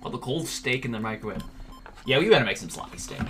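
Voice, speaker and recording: A man's voice: mid-range voice, animated, fast, over music. Jokey man streaming a game. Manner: joking, jumpy reactions, talks to chat. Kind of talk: let's play commentary.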